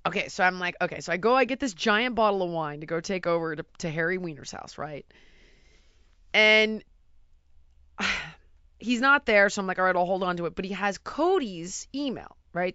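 A woman telling an anecdote in casual chat, animated and acting out quotes, often checking in with "right?". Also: medium pitch, clear, resonant tone, no room sound, dull audio. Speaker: storyteller guest.

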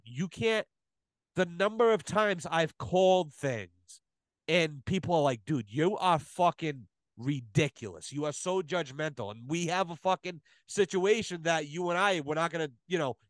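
Podcast guest, male, slightly high voice, dry close sound, swears constantly and tells stories with emphasis. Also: animated, moderate pace, dry recording. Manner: profane, emphatic storytelling. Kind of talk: casual podcast chat.

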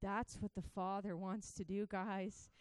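A woman preaching a sermon, swinging from hushed to joyfully shouting and talking straight to her listeners. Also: medium pitch, little pitch movement, a little slow, no room sound. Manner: laughs between points, speaks to listeners as guys.

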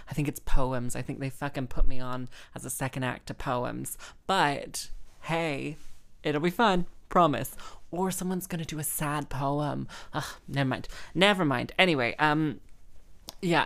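A woman's voice: a bass voice, gravelly. A young woman hosting a podcast, chatting casually in a rambling, self-interrupting way and laughing often. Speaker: podcast host and freelance musician.

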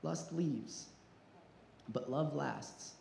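Male pastor, fairly high voice, earnest sermon delivery, roomy echo. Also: drawn-out words, gravelly, darkish tone, slight background noise. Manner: earnest, repeats words when restarting, rises in intensity.

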